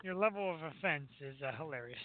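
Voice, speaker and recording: A man's voice: a little high, animated, fast talker, dry recording. Joking radio host man, tinny sound. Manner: rambling, self-deprecating, joking. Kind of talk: casual radio chat.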